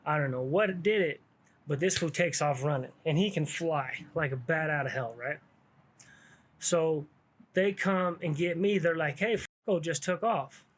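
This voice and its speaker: A man's voice: a little high, measured pace. A man telling a story from his own past in casual, slangy street talk, swearing freely and laughing along.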